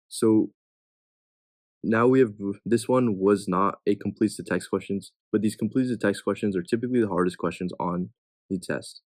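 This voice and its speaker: A man's voice: on the low side, a little mellow, no echo. A young man tutoring test questions in a casual way, reading each answer choice and thinking aloud as he rules it in or out.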